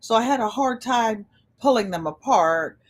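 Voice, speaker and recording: A woman in her seventies with a Connecticut accent chats and tells stories on her live stream, calling her viewers "you guys." Her voice is on the high side and expressive at a normal speed. She's the channel host, speaking into a computer mic from a room at home with a large air conditioner.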